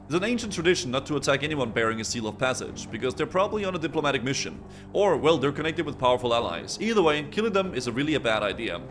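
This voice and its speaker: A man's voice: mid-range voice, very animated, fast, hardly any pauses, over music, natural voice. A man voicing a rude, scornful pirate sailor in a fantasy game, talking in a blunt, dismissive way. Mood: explaining.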